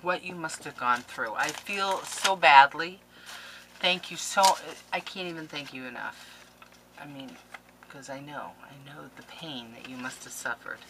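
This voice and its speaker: A woman's voice: rumbling low, normal speed, background noise. A woman scrapbooking vlogger opening a package on camera, gushing and playfully melodramatic in a casual chat. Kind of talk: casual unboxing vlog.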